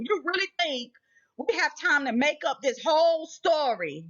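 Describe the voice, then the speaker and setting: Speaking unhurriedly, the American channel host uses a high-pitched voice with big swings in pitch. Her casual vlog warns about spiritual matters in an emphatic, preachy style packed with repeated rhetorical questions, captured on slightly muffled lo-fi audio.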